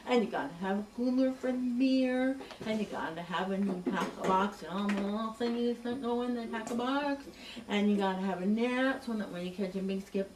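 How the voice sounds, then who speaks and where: A woman telling a long joke story in an animated, chatty way, stammering and adding asides as she goes. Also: medium pitch, brisk. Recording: echoey room, distant mic, background noise.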